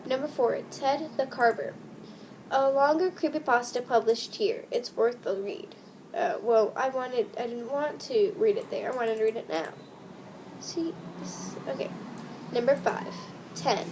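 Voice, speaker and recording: A woman's voice: a little high, slight background noise. A young woman vlogger reading short creepy stories aloud in a casual way, breaking off to gasp, laugh and react. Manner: animated, gasping and laughing reactions between readings.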